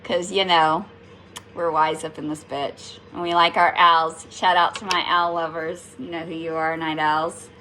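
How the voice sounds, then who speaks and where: A woman's voice: low voice, flat delivery, a little slow, pushed and bright, a little hiss or hum. A woman giving a casual, playful spiritual reading to her viewers, chatting, laughing often and swearing lightly. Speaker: tarot reader.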